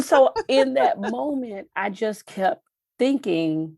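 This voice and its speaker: A middle-aged woman from Texas, a podcast guest telling heartfelt stories, her pitch jumping up when she gets animated. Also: slow pace, gravelly, no echo. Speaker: podcast guest, wine journalist. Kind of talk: emotional storytelling interview.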